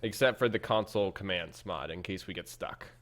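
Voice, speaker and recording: A man's voice: deep voice, fairly quick, fairly bright tone. A man giving casual let's-play commentary while he plays, chatty and self-mocking, thinking aloud. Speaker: gameplay commentator.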